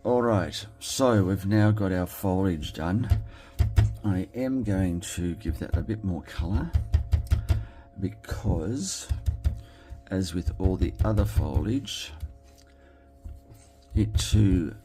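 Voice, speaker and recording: An Australian man talking casually as he makes a card, thinking aloud and quietly murmuring approval at his work. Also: low voice, animated, slow pace, pauses often, soft background music. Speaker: card-making crafter. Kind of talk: casual commentary while crafting.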